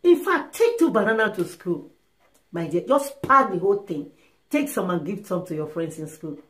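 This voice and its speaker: A woman performs a sweet-talking, contented wife whose voice drops lower and softer as she coos over her family. The delivery is affectionate and gentle. It is heard in a room with noticeable echo. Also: lively intonation, moderate pace, lightly acted. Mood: cooing. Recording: roomy echo.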